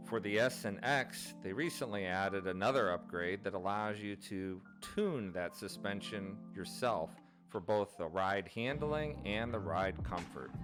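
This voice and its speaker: A man hosting his own channel, narrating an informative explainer in a steady, methodical way, going through items one by one. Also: fairly low pitch. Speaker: channel host.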